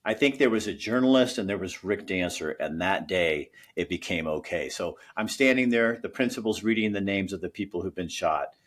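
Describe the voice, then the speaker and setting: A man's voice: deep voice, lively intonation, moderate pace, few pauses. A middle-aged man, a former news anchor, telling an emotional story in an earnest way as a guest in a conversation.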